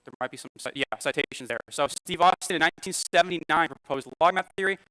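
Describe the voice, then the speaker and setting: Bright, crisp-voiced man teaching a class. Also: on the high side, fast, dry recording, low-quality recording. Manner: conversational, frequent "all right?" and "okay?" checks. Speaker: Sunday school teacher. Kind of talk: church class lecture with slides. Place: church classroom.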